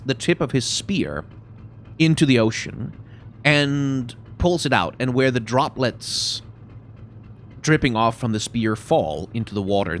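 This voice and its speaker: A man's voice: mid-range voice, a little hiss or hum. A man hosting a gaming channel, giving rambling, casual let's-play commentary with hesitations.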